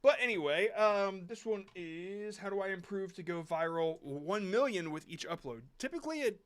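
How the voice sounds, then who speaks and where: A man's voice: sits high, lively intonation, moderate pace, fairly bright tone, smooth. A man hosting a live stream, reviewing viewer shorts in blunt, rambling casual talk with some swearing.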